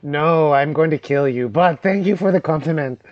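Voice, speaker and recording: A man's voice: fairly high pitch, normal speed, highs cut off, pitched above the performer's own voice, lightly acted. A man doing a smug, vain goblin. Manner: smug, mock-flattered. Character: taunting male goblin, vain and murderous.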